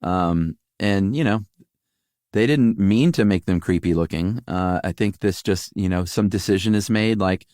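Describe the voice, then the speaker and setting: Man, low voice, laid-back podcast chat, filler words, dry studio sound. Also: a little slow, darkish tone, dry recording. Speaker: podcast co-host. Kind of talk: casual chat.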